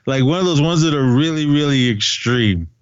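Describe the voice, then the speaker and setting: A man's voice: mid-range voice, expressive, normal speed, clear, resonant tone, dry recording. Rambling man reviewing films, dull dry sound. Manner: rambling, self-correcting, laughs at himself. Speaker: podcast co-host reviewing films. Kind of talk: casual chat. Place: at home with a child nearby.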